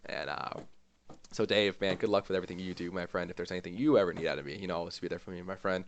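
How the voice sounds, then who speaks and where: Deep gravelly man, rambling fond farewell. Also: steady tone, very fast, muffled recording, slight background noise. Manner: rambling, emotional, lots of fillers. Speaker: community streamer. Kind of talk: heartfelt farewell vlog.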